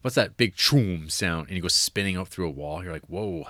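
A man's voice: low voice, fast talker, bright, forceful tone, no room sound, studio quality. A man co-hosting a podcast, chatting casually about a movie, rambling with fillers, restarts and laughs. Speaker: podcast co-host.

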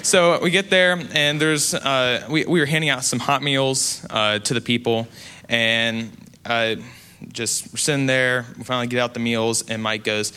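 Young US man, earnest and halting testimony storyteller, crisp clear voice. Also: medium pitch, steady tone, pushed and bright. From United States. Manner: earnest, halting, many restarts. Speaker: mission trip speaker.

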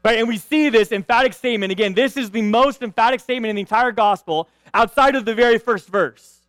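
A man with a high, smooth voice delivers a sermon in a chatty, conversational way. He keeps checking in with his listeners and restarts his phrases as he goes. The sound is close and dry. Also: fast, fairly bright tone, dry recording. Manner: conversational, frequent "right?" asides and restarts. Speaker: pastor.

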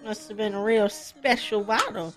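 A woman's voice: medium pitch, normal speed, over music. A young woman co-hosting a podcast, brash and laughing a lot, swearing freely in casual banter. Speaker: podcast co-host.

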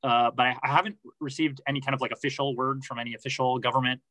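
A man's voice: medium pitch, fairly even intonation, quick pace, bright, forceful tone, dry recording, rough recording. A man answering interview questions about his reporting, thoughtful, with many restarts and fillers. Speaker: podcast reporter, guest.

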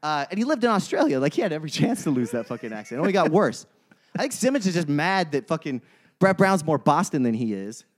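A man's voice: fairly high pitch, sing-song, quick pace. A man co-hosting a casual sports podcast, ranting his hot takes with plenty of swearing and trailing off mid-sentence. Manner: rambling, restarts mid-sentence. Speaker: podcast co-host.

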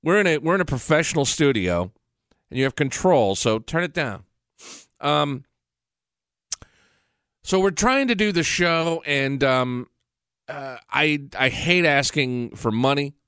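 A man's voice: a little high, animated, measured pace, long pauses, a bit bright, clean tone, no echo. A middle-aged man hosting his own podcast from a studio, talking in a blunt, profane, fired-up rant. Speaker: podcast host. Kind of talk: casual ranting monologue. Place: professional studio.

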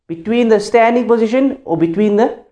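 A man's voice: high-pitched, a little fast, dark tone, dull audio. A man teaching a class on the rules of prayer, explaining step by step and often checking that students follow. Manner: demonstrates chanted phrases. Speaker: Islamic teacher.

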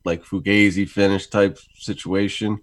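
A man's voice: low-pitched, level tone, normal speed, dry recording. A man co-hosting a casual talk show, laying out his points at length in an easygoing way. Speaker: podcast co-host. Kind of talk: casual chat.

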